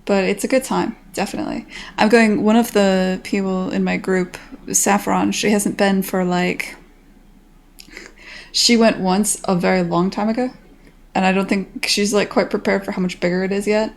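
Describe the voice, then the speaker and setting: A woman's voice: mid-range voice, flat delivery, normal speed, gravelly. An American woman in her thirties, a game developer chatting casually on a stream in a rambling way, swearing freely.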